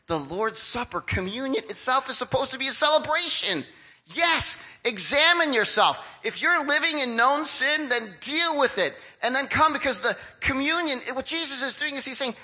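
A man around sixty preaching a sermon as a pastor, in a conversational, lively way that acts out the voices of the people he describes. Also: very high voice, normal speed, rough recording.

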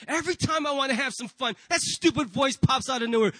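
A man's voice: very high-pitched, quick pace, few pauses, sharp tone, no room sound, rough recording. A man preaching a sermon as pastor, asking the congregation rhetorical questions and acting out inner voices. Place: church.

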